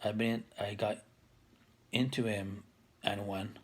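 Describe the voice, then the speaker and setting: A man's voice: fairly low pitch, level tone, takes it slowly, breathy edge. A man in his thirties talking to camera for his own video channel, rambling with many restarts and fillers. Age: 30s. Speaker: vlogger. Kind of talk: casual talk to camera.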